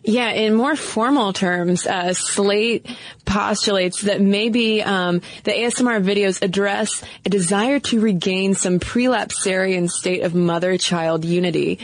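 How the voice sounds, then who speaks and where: A woman's voice: mid-range voice, steady tone, measured pace, no echo. A woman co-hosting a podcast in a casual, chatty way, with frequent fillers and laughs. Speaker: podcast co-host.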